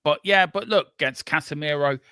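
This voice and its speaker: A man hosting a football watchalong, calling the play live with excitable banter. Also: fairly high pitch, a little fast, clear, resonant tone, no room sound, studio quality. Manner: excitable, running commentary with banter. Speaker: watchalong host.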